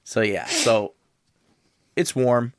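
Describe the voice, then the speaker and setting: A man's voice: mid-range voice, fairly even intonation, takes it slowly. A man from the American Midwest co-hosting a comedic history podcast, loose and casual, swearing and laughing often. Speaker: podcast co-host.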